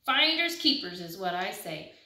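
A woman's voice: medium pitch, sing-song, normal speed, bright, forceful tone, voice pushed down. A woman voicing a greedy, short-tempered male pigeon who talks in a possessive, exasperated way. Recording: roomy, recorded from a distance.

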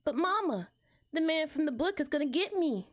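A woman's voice: animated, normal speed. A woman voicing a frightened little boy rabbit in a game, pleading in a raised, childlike voice. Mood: scared. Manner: high, pleading, scared. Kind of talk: game voice-acting.

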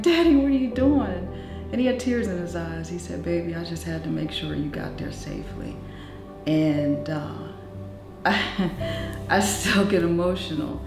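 A woman's voice: on the low side, reverberant. Middle-aged woman telling heartfelt stories. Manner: heartfelt, storytelling, softening into emotion. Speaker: interviewee, eldest daughter. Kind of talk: documentary interview testimony.

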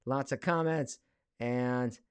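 A man's voice: mid-range voice, slow, smooth, no echo. A man in his forties, a voice actor, chatting casually on a live stream from his home studio, reading viewer questions aloud with lots of fillers. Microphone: studio mic.

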